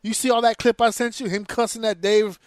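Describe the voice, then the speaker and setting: A man hosting a casual podcast, ranting in an animated, profane way. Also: high-pitched, a little fast, dry recording. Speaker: podcast host.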